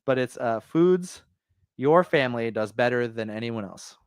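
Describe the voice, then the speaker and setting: Man, podcast host, casual chat, rambling, lots of fillers, mid pitch. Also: animated, unhurried, clear, resonant tone, no echo, clean studio sound. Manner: rambling, with many fillers and restarts. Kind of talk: casual pop-culture chat.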